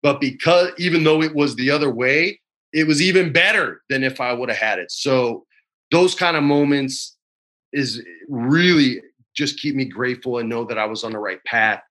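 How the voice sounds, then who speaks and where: A man in his forties talks openly as a guest on a video-call interview, his voice bright and forward. He speaks with plain emotion and drops "man" and "dude" into nearly every sentence. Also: mid-range voice, normal speed. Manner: candid, emotional, says "man" and "dude" a lot. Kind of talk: casual interview chat.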